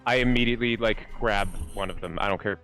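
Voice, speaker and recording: A man at a tabletop game states his character's moves bluntly and decisively. His voice sits low. Faint music plays in the background. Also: fast talker, fairly bright tone. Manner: decisive, declares actions bluntly. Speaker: player.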